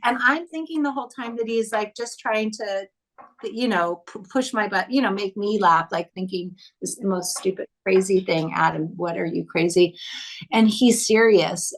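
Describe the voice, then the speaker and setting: A woman film director speaking as an interview guest, recounting stories from a shoot in a casual, chatty way. Her voice sits at a mid pitch. She livens up her stories by acting out what others said. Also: moderate pace, poor audio. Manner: animated, acts out quoted dialogue.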